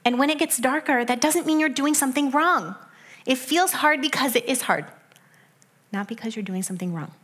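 Young woman preacher, fairly high voice, chatty and animated, dips to soft hushed tones. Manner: conversational, animated asides, soft hushed stretches. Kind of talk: sermon.

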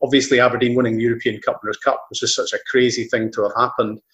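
A man's voice: mid-range voice, flat delivery, racing, a bit bright. A middle-aged Scottish man, a football commentator, telling anecdotes in a rambling interview, with many restarts. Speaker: football commentator and presenter, guest. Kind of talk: casual interview chat.

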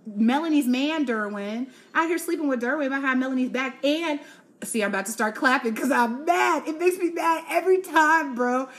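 Lively woman podcaster, slangy and gossipy. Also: high-pitched. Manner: animated, gossipy, laughs often; slangy with y'all, sis, honey, child. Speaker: podcast host. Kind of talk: casual solo podcast chat.

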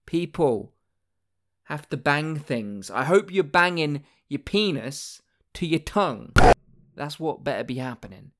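A man's voice: fairly high pitch, lively intonation, a little slow, fairly bright tone. A man hosting his own podcast, ranting angrily and swearing, repeating himself as he goes. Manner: angry, sweary, repetitive ranting. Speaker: podcast host. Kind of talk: ranting monologue.

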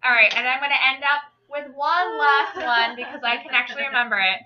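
Chatty woman podcast host, animated storyteller; higher voice, dull lo-fi recording. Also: a little fast, noisy background. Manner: animated, jokey storyteller with fillers. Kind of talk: casual joke-telling chat.

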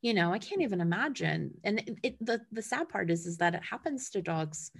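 A woman's voice: medium pitch, animated, brisk, gravelly, slightly rough. A woman in a casual conversation about dog training, talking animatedly and acting out her dogs' reactions.

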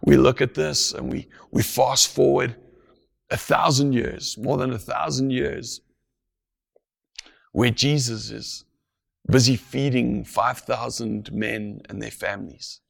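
Slow gravelly-voiced male preacher. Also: mid-range voice, fairly even intonation. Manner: slow, deliberate, drops to a hush for emphasis. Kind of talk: sermon.

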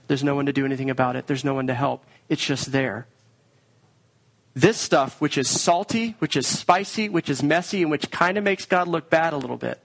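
A man preaching a sermon in an earnest way, sometimes voicing quoted lines in a raised pitch. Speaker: pastor.

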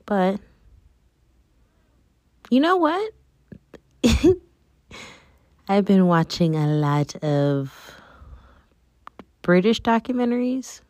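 A woman's voice: medium pitch, sing-song, drawn-out words, long pauses, darkish tone, no room sound, clean studio sound. A woman hosting her own show, chatting casually and rambling with plenty of fillers. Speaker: podcast host. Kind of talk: casual solo chat.

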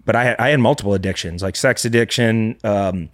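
Podcast guest, male, low-pitched, dry close sound, earnest and confessional, restarts often. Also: a little fast, no room sound. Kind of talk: candid personal storytelling.

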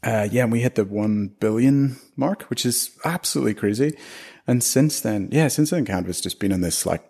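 A man's voice: mid-range voice, normal speed, creaky, dark tone, husky. A man in his thirties from Northern Ireland with a Northern Irish accent, chatting casually as an interview guest and laughing often.

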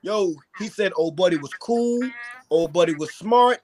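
A man co-hosting a podcast, teasing the others in an animated way. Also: high voice, measured pace. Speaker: podcast co-host. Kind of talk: casual chat.

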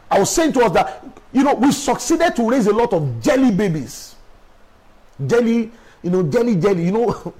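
A middle-aged male preacher with a strikingly high voice. His pitch swings widely as he drives his points home, and he keeps pressing his listeners with rhetorical questions. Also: darkish tone, poor audio. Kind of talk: sermon.

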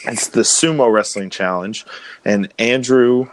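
A man's voice: medium pitch, unhurried, a little hiss or hum. A young man co-hosting a podcast, rambling through a story and laughing often as he loses track. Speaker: podcast co-host. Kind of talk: casual chat.

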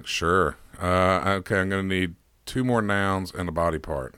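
A man's voice: low-pitched, moderate pace, sharp tone, clear, resonant tone, dry recording, studio quality. A man co-hosting a podcast, chatting casually and reading a silly word-game story aloud, laughing at his own readings. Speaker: podcast co-host.

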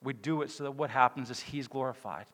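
A man preaching from the pulpit with fervor, his voice rising to loud exclamations and then dropping to near-whispered lines. His pitch sits in a middling register for a man. The sound rings with the long reverb of a church hall. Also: quick pace. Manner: impassioned preaching, swinging between loud exclamations and hushed lines. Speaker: pastor. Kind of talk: sermon. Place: church sanctuary.

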